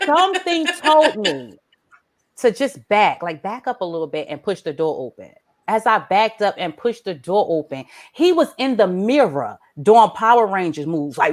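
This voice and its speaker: A woman doing a stand-up comedy set, animated and swinging between low mutters and high exclaims. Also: normal speed.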